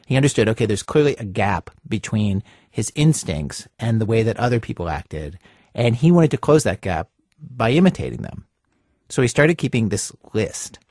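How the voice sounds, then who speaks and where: A man hosting a radio story, narrating and interviewing in a conversational, lively way. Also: on the low side, normal speed, no echo, studio quality. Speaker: radio host.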